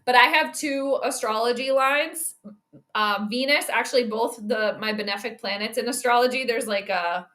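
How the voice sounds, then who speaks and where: A woman's voice: on the high side, normal speed, fairly bright tone. A woman hosting a casual livestream, rambling chattily through game reactions, viewer greetings and tangents. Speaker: livestream host doing game commentary and astrology predictions. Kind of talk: casual live-stream chat and play-by-play reactions.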